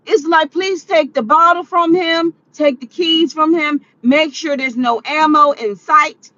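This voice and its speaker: A woman vlogger delivering ranting commentary, animated and exclaiming, often laughing. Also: sits high, a little slow, dull audio.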